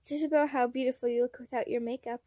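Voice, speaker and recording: A woman's voice: high voice, fairly even intonation, fast talker, mellow, no room sound, clean studio sound, lightly acted. Fields: Woman doing Roman, theatrical romantic prince. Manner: doting, grand. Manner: theatrical, affectionate.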